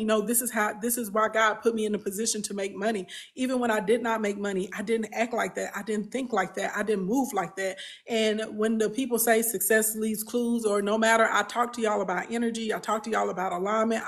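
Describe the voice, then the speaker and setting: A woman, a business coach talking bluntly and emphatically to her followers, often repeating phrases. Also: mid-range voice. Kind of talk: candid talk to followers.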